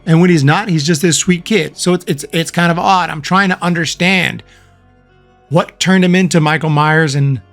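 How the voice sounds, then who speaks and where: A man's voice: fairly high pitch, normal speed, a bit bright, soft background music. Chatty man reviewing a movie. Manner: chatty, frank, many fillers and restarts. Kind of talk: casual spoken film review.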